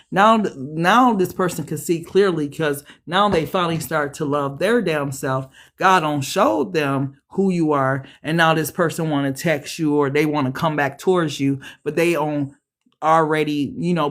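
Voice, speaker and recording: A woman giving a casual tarot reading, talking straight to viewers in a blunt, profane way that jumps into high, excited bursts. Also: a little slow. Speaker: tarot reader.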